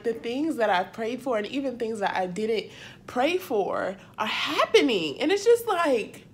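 A young woman talks into her camera in a hotel room, her voice pitched a little high and swinging up and down with feeling. She gushes, half-laughing and half-tearful, and calls her viewers y'all. A faint low rumble sits under her voice. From Akron, Ohio. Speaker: vlogger. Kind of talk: emotional vlog chat.

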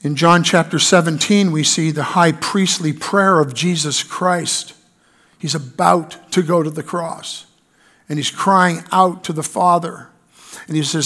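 A man's voice: fairly high pitch, fairly even intonation, measured pace, a bit bright. A man preaching a sermon in church, reading scripture aloud and building emphasis on key lines. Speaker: pastor.

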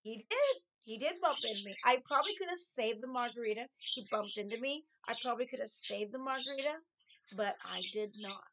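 Chatty storytelling woman, a bit high. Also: brisk. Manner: chatty, animated, acts out quotes in a higher voice. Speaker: vlogger telling stories. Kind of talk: casual storytelling.

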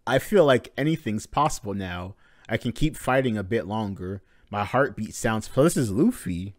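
A man hosting a live manga reading reaction, narrating panels with excited swearing and casual talk. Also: on the low side, moderate pace, no room sound, studio quality.

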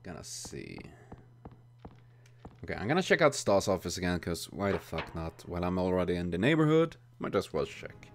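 A man giving let's play commentary, exasperated and swearing constantly, with sudden loud outbursts. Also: sits low, sing-song, normal speed, a little hiss or hum. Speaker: gaming channel host.

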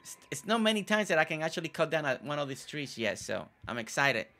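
A man's voice: a little high, very animated, fast talker, sharp tone. A man whose first language is not English, chatting casually over his gameplay. He repeats himself and stumbles over tricky names. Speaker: gameplay video host.

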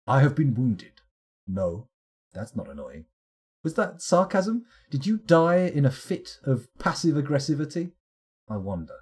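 A man streaming live gameplay, narrating combat excitedly and joking with the game's characters. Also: medium pitch, slightly rough. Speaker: game streamer.

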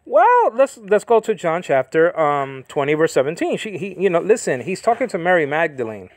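With a high-leaning, sing-song voice, a man rambles through a casual Bible teaching, repeatedly correcting himself and slowly spelling out Greek vocabulary. There's no room sound.

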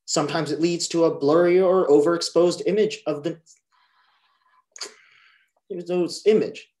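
A teenage boy from New York introducing himself and reading an excerpt of his personal essay in a careful, measured way. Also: a little high, darkish tone. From New York, USA. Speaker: student reader.

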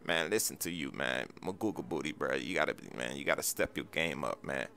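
Suspicious roleplayer, very low gravelly voice with a bright edge. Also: male voice, fairly quick, no room sound. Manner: suspicious, teasing. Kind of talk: casual game roleplay.

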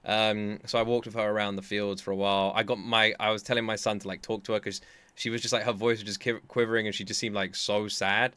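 Rambling streamer in his thirties; lowish, bright, dry close mic. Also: little pitch movement, fast, clean tone, dry recording. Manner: rambling, chatty storytelling with many restarts. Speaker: anime reaction streamer. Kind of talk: casual chat.

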